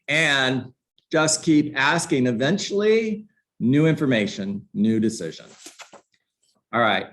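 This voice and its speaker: A man's voice: medium pitch, expressive, a little slow, fairly bright tone. A man coaching real estate agents in a live online class, talking energetically and conversationally and putting questions to his students. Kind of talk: live online training session.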